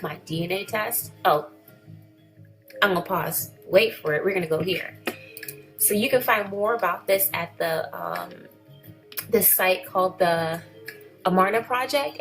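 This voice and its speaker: A woman's voice: lowish voice, a bit bright, rough recording. A woman chatting casually in a vlog, rambling and correcting herself as she reads through things. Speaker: vlogger.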